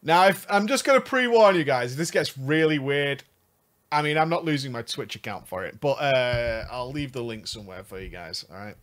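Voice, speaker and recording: A male streamer telling a story to his chat in an animated, mock-scolding way, laughing often. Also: mid-range voice, moderate pace.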